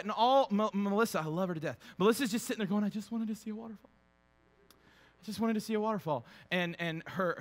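A man's voice: sits high, big-room sound. A young man preaching a casual, humorous sermon as pastor, acting out quotes in playful voices. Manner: animated, acts out quotes with funny voices.

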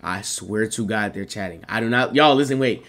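A young man streaming live, reacting in a casual, rambling way, protesting over and over with excitable energy. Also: lowish voice, moderate pace.

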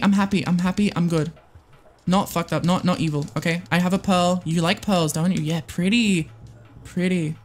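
A livestreamer in casual gameplay commentary, excitable and swearing often while talking to the game and chat. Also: medium pitch, normal speed, faint music behind. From United States.

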